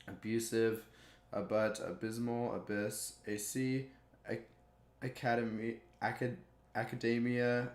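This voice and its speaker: Male YouTuber, flat delivery, rattles off a word list, slips and laughs, roomy sound. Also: mid-range voice. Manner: monotone word list with stumbles and chuckles. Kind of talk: reading dictionary words aloud.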